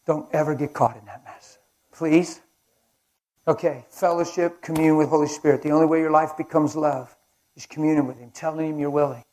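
A man preaching at a conference breakfast in a passionate storytelling sermon. His voice sits a little high for a man, and he swings from loud, fired-up lines to hushed, intense ones. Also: fairly even intonation, normal speed, poor audio. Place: conference hall.

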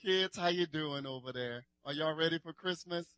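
Between songs at a worship concert, this New Orleans worship leader jokes with the audience and exhorts them in preacher style. His voice is a little high and a bit bright, at normal speed, in a dry recording.

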